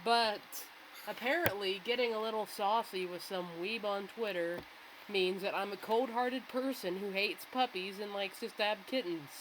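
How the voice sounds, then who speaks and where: A woman's voice: mid-range voice, normal speed. A woman co-hosting a podcast in casual chat, blunt and matter-of-fact. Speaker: podcast co-host. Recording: noisy with clear hiss.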